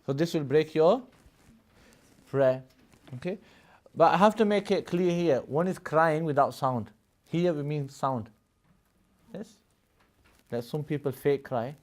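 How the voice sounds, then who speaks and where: A man's voice: on the high side, a little slow, long pauses, a little mellow. A man teaching a live classroom lesson, explaining at length, laughing often, and checking in with his students as he goes. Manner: explanatory, keeps checking in with "Yes?" and "Yeah?". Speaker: religious studies teacher.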